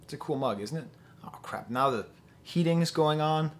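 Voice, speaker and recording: A man's voice: fairly high pitch, expressive, normal speed. A man giving a casual album review to camera at home, chatty and thinking aloud with fillers and restarts. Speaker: music reviewer.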